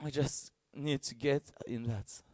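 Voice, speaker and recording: Male preacher, earnest and halting, dry close sound. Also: mid-range voice, dry recording. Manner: halting, searching for words, earnest; gets excited and loud in bursts. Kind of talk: sermon.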